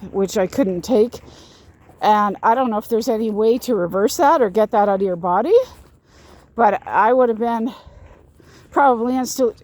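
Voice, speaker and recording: Her voice is a little high with a darkish tone as she recounts a personal experience to camera in casual vlog style. She speaks emphatically, repeats herself, and restarts sentences often.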